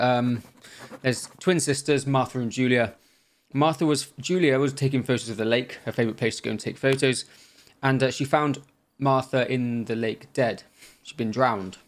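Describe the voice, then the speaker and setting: A man hosting a gaming channel, chatting through a let's play in an easygoing way and thinking aloud as he goes. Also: medium pitch.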